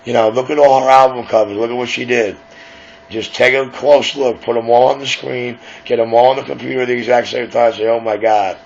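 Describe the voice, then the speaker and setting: A man's voice: mid-range voice, fairly even intonation, brisk, creaky. A man with a New York accent hosting late-night radio, rambling and conspiratorial in casual talk. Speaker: radio show host. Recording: dull lo-fi recording with faint hiss.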